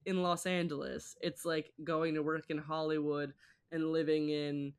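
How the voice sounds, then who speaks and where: A woman co-hosting a podcast in casual chat, animated and opinionated with quick asides. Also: low voice, smooth. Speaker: podcast co-host. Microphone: home podcast microphone.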